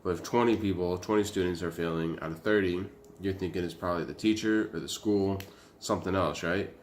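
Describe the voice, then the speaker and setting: A man's voice: low voice, brisk, a little hiss or hum. A young man ranting bluntly to camera in a casual vlog, rambling and swearing with frequent fillers. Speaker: vlogger.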